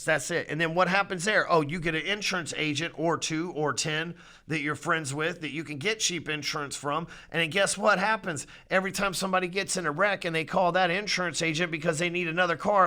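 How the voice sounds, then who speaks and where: A brash, preachy man in middle age gives a sales talk laced with swearing. His voice sits a little high and sounds bright and forceful. He lectures without holding back. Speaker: podcast host. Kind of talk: profane motivational sales talk.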